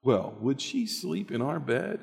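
A man's voice: mid-range voice, sing-song, measured pace, gravelly, a little mellow, exaggerated voice. A man voicing a long-married wife who keeps pressing her husband with questions, in a raised, pleading voice. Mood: indignant. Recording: echoey hall.

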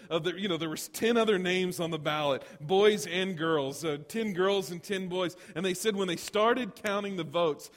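A middle-aged male pastor telling stories in a sermon, swinging from loud to hushed. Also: on the high side. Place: church sanctuary. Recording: long hall reverb.

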